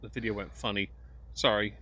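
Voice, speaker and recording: Sarcastic low-voiced man, crisp and dry. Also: level tone, a little fast, sharp tone. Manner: sarcastic, mocking. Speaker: streamer reacting to another stream. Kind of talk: live reaction commentary.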